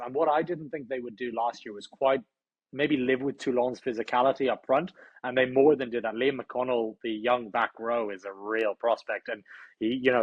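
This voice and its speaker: A man's voice: mid-range voice, husky, dry recording, highs cut off. Irish man giving rugby predictions. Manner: opinionated, hedging with "I think". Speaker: podcast co-host. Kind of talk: casual sports chat.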